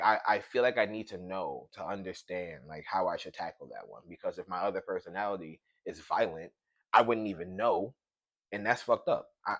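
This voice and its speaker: A man's voice: sits low, fairly bright tone, no echo. A man in his thirties from Brooklyn with a Brooklyn accent, hosting a solo podcast in a loose, slangy, profane riffing chat. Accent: Brooklyn New York. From Brooklyn, New York. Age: 30s. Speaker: podcast host.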